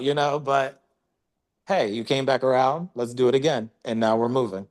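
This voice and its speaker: A man's voice: on the high side, fairly quick. A man, a real estate agent, talking casually in a team meeting with many filler likes.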